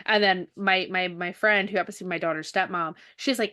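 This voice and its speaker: A woman hosting a casual book podcast, talking in a lively, chatty way. She tells stories with energy, slipping into quoted dialogue as she goes. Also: on the low side, brisk. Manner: animated storyteller who acts out dialogue. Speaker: podcast host and author. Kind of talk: casual chat.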